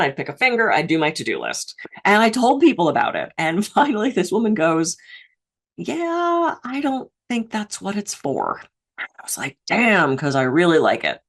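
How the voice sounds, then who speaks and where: Animated woman telling a story. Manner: animated, acts out her inner dialogue with big pitch jumps. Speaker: keynote speaker and stress coach. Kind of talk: lively storytelling talk.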